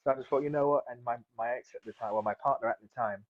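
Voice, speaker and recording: Fast-talking guy from south london, rambly, lots of "like", kinda dull sound. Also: mid-range voice, dry recording. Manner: rambling, many fillers and restarts. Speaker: guest, seaweed farmer. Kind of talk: casual interview chat.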